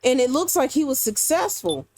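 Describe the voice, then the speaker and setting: A woman's voice: high voice, moderate pace, background noise. A woman hosting a let's play, reacting emotionally and exclaiming as she comments on the story. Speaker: gameplay video host.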